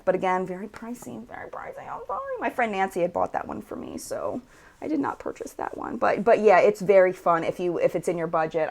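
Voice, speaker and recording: A woman's voice: on the low side, a little mellow. An American woman hosting a casual live chat, reading viewer comments aloud and showing makeup on camera.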